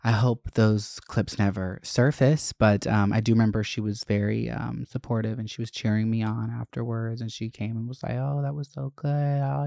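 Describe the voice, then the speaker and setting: A man's voice: lowish voice, mellow, no echo, studio quality. A man hosting a podcast, telling candid, profane stories from his school days in a chatty way. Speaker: podcast host. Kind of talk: casual storytelling.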